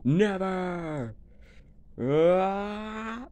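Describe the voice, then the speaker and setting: Slow, animated amateur fan-drama voice. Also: medium pitch, highs cut off. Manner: excitable, with many exclamations and hesitant fillers. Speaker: amateur voice performer voicing every character. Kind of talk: homemade fan drama acting.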